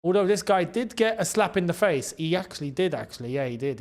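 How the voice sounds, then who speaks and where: A man's voice: high voice, fairly quick, hardly any pauses. A young man with a London accent hosting a live football watchalong, chatting casually, laughing often and reading out viewer messages. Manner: chatty, laughs often, reads out super chats. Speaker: watchalong host. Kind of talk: casual live match commentary.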